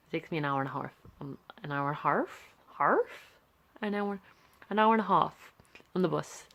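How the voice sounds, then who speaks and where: A young adult art vlogger chats casually while filming on a handheld camera, rambling with lots of fillers and restarts. Her voice is lowish and gravelly.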